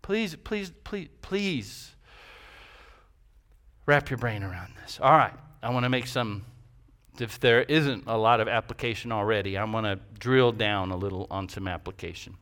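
A man's voice: lowish voice, normal speed, a bit bright. A man preaching a sermon as pastor, emphatic, with rhetorical questions and repetition.

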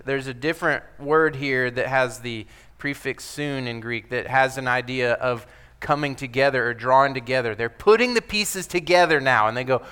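A man's voice: mid-range voice, moderate pace, pushed and bright, clear, resonant tone. A man preaching a sermon as pastor, talking emphatically and conversationally, acting out the scripture he quotes.

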